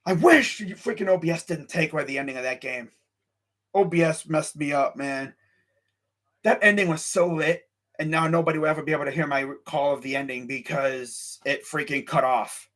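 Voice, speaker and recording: A young man hosting a casual live-streamed sports show, talking his picks with excitable energy, sighing and laughing as he goes. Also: a little high, normal speed. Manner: excitable, animated, lots of sighs and laughs; reads live chat while talking.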